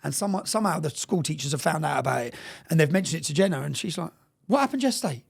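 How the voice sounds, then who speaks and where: A man telling a story in an interview, talking fast, swearing and repeating words, often asking "yeah?". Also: a little high, creaky, slightly rough. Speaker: interview guest.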